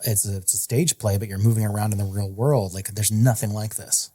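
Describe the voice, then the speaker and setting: A man's voice: fairly low pitch, fairly even intonation, a little fast, dark tone, husky. A man co-hosting a horror film podcast. He reads background facts, then riffs casually with lots of filler words. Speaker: podcast co-host. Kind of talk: casual chat.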